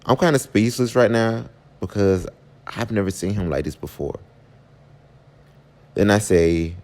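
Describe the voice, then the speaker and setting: In a chatty storytime vlog, a man with a fairly low, darkish voice tells a personal story directly to his viewers. He speaks at a moderate pace with frequent pauses, and his pitch suddenly jumps up when he gets worked up.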